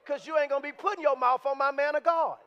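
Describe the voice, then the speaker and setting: High-voiced animated male preacher. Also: quick pace. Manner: animated, conversational, rising to shouts. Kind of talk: sermon. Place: church sanctuary. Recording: dull, lo-fi sound.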